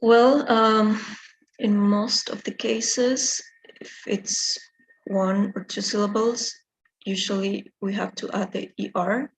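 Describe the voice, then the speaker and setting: A woman student reads grammar examples aloud slowly and carefully, one word at a time. Her voice has a soft, breathy edge. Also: medium pitch, steady tone, poor audio. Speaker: English student.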